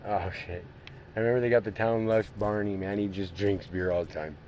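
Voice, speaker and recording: A man's voice: lowish voice, fairly even intonation, a little fast, a little mellow, highs cut off, slight background noise. A man chatting casually while streaming a racing game, rambling, swearing heavily and laughing often. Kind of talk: casual gaming stream chat.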